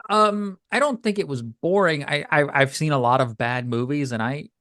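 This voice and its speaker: A man's voice: fairly high pitch, moderate pace, sharp tone, no room sound, studio quality. A man co-hosting a podcast, chatting casually in a rambling, hesitant way with lots of fillers and restarts. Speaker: podcast co-host. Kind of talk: casual review chat.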